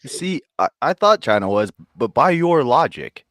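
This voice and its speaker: A man's voice: mid-range voice, big pitch swings, normal speed, fairly bright tone, no room sound, clean studio sound. A man co-hosting a comedy podcast, asking wry, provocative questions in casual chat. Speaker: podcast co-host.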